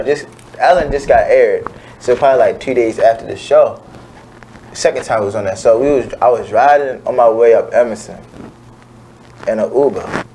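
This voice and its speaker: A man's voice: mid-range voice, a little hiss or hum, poor audio. A man, a guest drummer, telling a funny story on a radio show, laughing and acting out the people he quotes. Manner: animated, laughing storyteller who acts out quotes. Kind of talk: casual storytelling.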